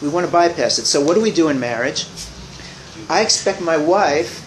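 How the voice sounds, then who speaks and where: Man, fairly high voice, casual talk to a meeting, rambling, repeats himself, wry jokes, faint room noise. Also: lively intonation, moderate pace, roomy sound, poor audio. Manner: rambling, restarts and repeats words, wry humor. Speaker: speaker sharing at a recovery meeting. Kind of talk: informal talk to a group.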